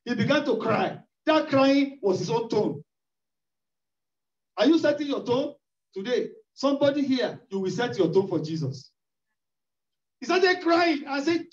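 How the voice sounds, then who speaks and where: A man delivers a sermon in a strikingly high voice, leaning on repetition and rising cries for emphasis. He sounds distant from the mic in an echoey church hall. The recording is muffled and lo-fi. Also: sing-song, measured pace, long pauses. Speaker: preacher.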